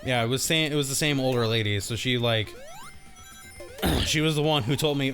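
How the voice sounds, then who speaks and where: Faint music runs under this young man's mid-range, slightly bright voice, delivered at a moderate pace. As a gaming channel co-host, he casually spins a meandering, laugh-filled story during gameplay, imitating the voices of the other people involved.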